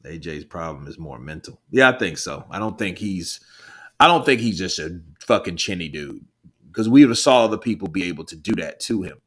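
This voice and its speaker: A man's voice: sits low, expressive, fairly quick, fairly bright tone, breathy edge. A man hosting a boxing livestream, chatting loosely with viewers, rambling, swearing and laughing between thoughts. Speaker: livestream host reading chat. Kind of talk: casual live chat commentary.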